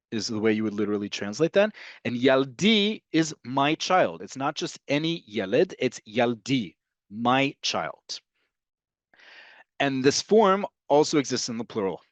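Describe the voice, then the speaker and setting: A man teaching an online language lesson, explaining slowly and repeating each example. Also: mid-range voice, no room sound. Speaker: Hebrew teacher.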